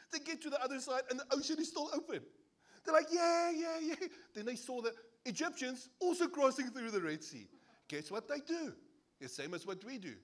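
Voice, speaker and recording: The voice of this South African English-accented pastor is very high-pitched, at normal speed with long pauses. Preaching at a church service, he tells stories in an animated way, acting out different voices.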